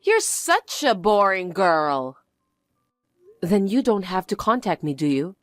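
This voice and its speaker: A woman reading a story aloud as its main character, speaking in a flat, weary and dismissive way. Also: mid-range voice, normal speed, no room sound, soft background music.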